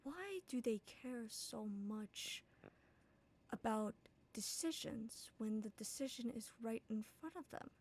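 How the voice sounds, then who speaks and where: Whispered role-play of a scornful voice inside a character's head, put on by a woman. It murmurs slowly with breathy contempt. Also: on the high side, lively intonation, a little mellow, heavily acted.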